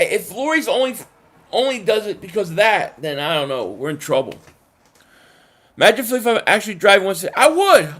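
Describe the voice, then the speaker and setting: A man with a high-sitting voice runs a casual live stream, responding to chat comments in an animated, emphatic manner. He restarts his sentences often.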